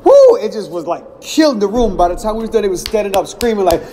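A middle-aged man from Ohio telling casual stories as a podcast host, animated and acting out quotes. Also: high voice, quick pace. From Cincinnati, Ohio. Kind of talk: casual storytelling. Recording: long reverb, faint background noise.

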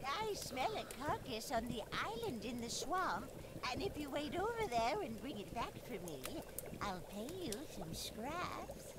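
Swamp witch game character, high sing-song lilt, sly and theatrical, loud ambience underneath. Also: very animated, unhurried, very noisy. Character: eccentric female swamp witch brewing stew.

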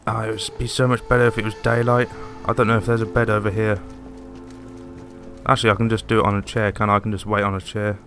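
A young man commenting on a video game he is playing, swearing and yelping excitedly during fights. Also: lowish voice, fast, creaky. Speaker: gaming video host. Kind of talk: let's play commentary. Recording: voice over game audio with music.

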